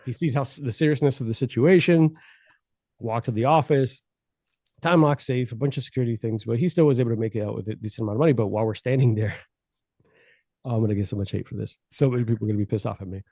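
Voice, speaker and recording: A man telling a story on a podcast in a casual, animated and profane way, laughing as he goes. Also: mid-range voice, fast talker, no echo, studio quality.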